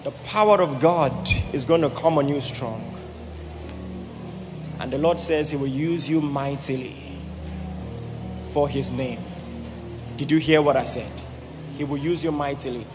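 A man's voice: a little high, unhurried, pauses often. A man preaching as a pastor, leading an altar call with emphatic, repeated calls to the crowd. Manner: emphatic, repeats "did you hear what I said". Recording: echoey hall with music behind.

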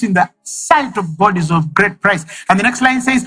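A man's voice: high voice, animated, normal speed, hardly any pauses, pushed and bright, breathy edge, soft background music, low-quality recording. A man preaching a sermon, emphatic and repeating key phrases for effect.

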